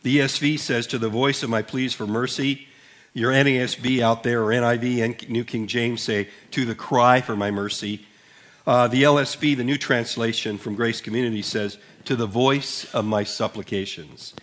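A male pastor in the middle of a sermon, his voice sitting at an ordinary pitch for a man. He speaks earnestly and deliberately, leaning into each line of scripture he reads aloud. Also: fairly even intonation, fairly bright tone.

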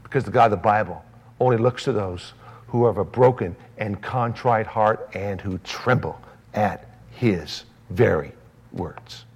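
A man preaching a sermon as pastor, swinging from loud, raised emphasis to soft, low drops. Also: unhurried, breathy edge.

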